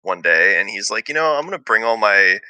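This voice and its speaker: A man's voice: on the low side, lively intonation, fairly quick, sharp tone, dry recording, poor audio. A young man telling a heated story to friends in casual chat, swearing freely and laughing often.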